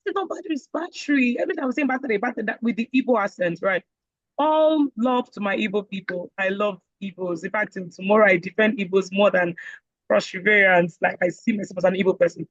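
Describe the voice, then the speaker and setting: A Nigerian woman teaching a casual online speaking class, lively and joking as she acts out voices. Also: medium pitch, brisk, no room sound, highs cut off. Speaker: IELTS speaking instructor.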